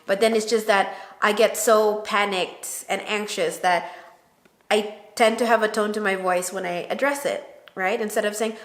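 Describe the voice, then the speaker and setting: Animated new mom in a roomy space. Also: female voice, mid-range voice, normal speed. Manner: animated storyteller who acts out quoted dialogue. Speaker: new mother vlogging with her husband. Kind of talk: casual chat to camera. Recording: roomy echo.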